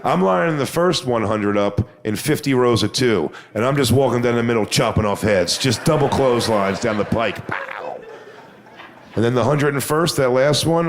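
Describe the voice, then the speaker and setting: A man performing a stand-up comedy set on stage, telling crude, swaggering stories and sometimes mocking people in high put-on voices. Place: comedy stage before a live audience.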